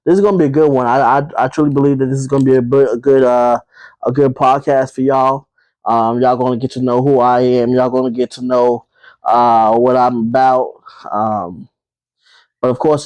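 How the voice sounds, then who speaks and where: Talking straight to his audience as y'all, this podcast host from Brooklyn, New York rambles through a casual solo monologue full of fillers and repeats. His voice sits at a medium pitch and sounds a little mellow. The audio is poor, though there's no room sound.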